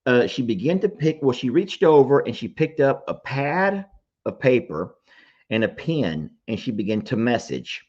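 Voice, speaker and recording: A man's voice: medium pitch, very animated, normal speed, darkish tone, dull audio. A man telling a story to his audience in casual chat, emotional and self-deprecating.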